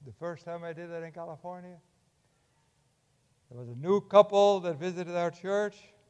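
An older man preaching a sermon in a church, impassioned, swinging from loud urging to hushed tones. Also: high-pitched, fairly even intonation, moderate pace, clear, resonant tone, long reverb tail, highs cut off.

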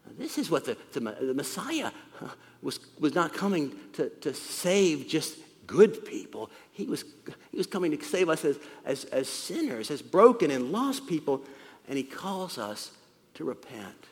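Man preaching in a church hall, animated pitch, talks things through plainly. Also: measured pace. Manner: conversational, explains and repeats points. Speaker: pastor. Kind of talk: sermon. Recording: long reverb in a hall.

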